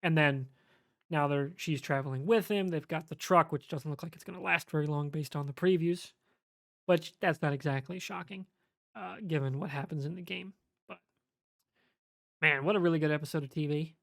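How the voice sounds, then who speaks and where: A podcast co-host giving a measured, analytical take in casual chat, with many fillers. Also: mid-range voice, creaky, no room sound, clean studio sound.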